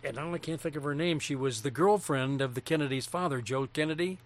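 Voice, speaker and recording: A man's voice: a little high, fast. A veteran broadcaster reminiscing earnestly about people he met during his career, in casual chat. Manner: reminiscing, earnest, with small restarts. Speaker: broadcaster and former TV interviewer.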